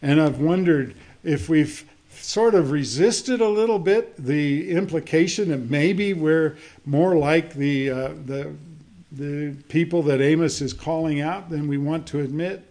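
Male preacher, pitch a touch high, unhurried sermon delivery with fillers and read-aloud scripture. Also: darkish tone. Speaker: pastor.

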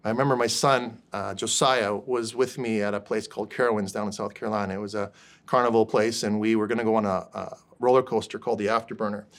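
A man's voice: lowish voice, fairly even intonation, fast. A man preaching a sermon in a conversational way who keeps checking in with his listeners. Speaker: pastor.

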